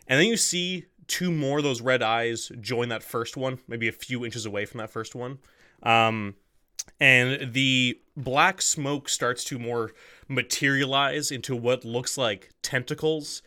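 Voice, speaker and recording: A man narrating a tabletop role-playing session as game master. His voice is bright and forward, and he talks loosely, filling gaps with "um" and "like". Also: medium pitch. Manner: loose, full of "um" and "like".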